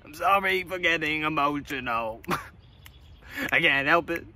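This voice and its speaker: A young man playing an eccentric, erratic scat-singing teacher in an improvised mockumentary, lurching between shouting and muttering. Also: on the high side, slow pace, full character voice. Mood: unhinged. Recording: distant mic with background noise.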